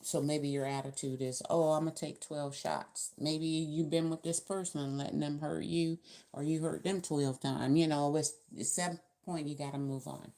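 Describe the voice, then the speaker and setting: Low-voiced chatty woman tarot reader. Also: fairly even intonation, normal speed, warm tone. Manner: chatty, colloquial, rambling. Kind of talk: casual tarot reading to camera.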